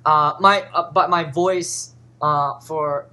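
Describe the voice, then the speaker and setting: A man co-hosting a casual podcast, rambling and halting with frequent restarts. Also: a little high, steady tone, bright, forceful tone. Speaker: podcast co-host.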